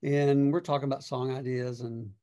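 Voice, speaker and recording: A middle-aged man, a songwriter guest, telling a long story in a relaxed, conversational way. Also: medium pitch, moderate pace. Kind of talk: casual storytelling.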